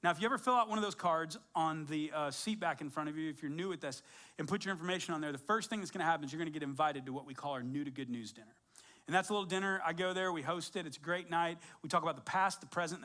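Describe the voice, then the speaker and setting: A man preaching a sermon as pastor, in a casual, conversational way with lots of fillers and animated storytelling. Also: a little high, fast talker.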